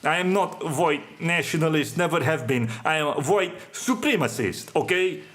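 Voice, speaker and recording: Sardonic male podcast host, fairly high voice. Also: animated, moderate pace, fairly bright tone. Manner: sardonic, dropping articles in non-native English. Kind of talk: monologue podcast.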